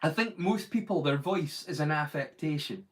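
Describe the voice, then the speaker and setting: Brief: male streamer, casual and rambling, pitched fairly high, answers chat on the fly. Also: normal speed. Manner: chatty, rambling, reads chat aloud. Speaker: live-stream host.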